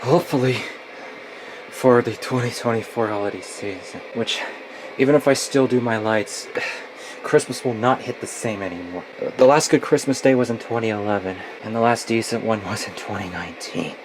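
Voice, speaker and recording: A man in his twenties with a lowish voice vlogs casually at a moderate pace from a closet in his home. Gloomy and nostalgic, he complains and swears often, and the home recording has a lot of noise.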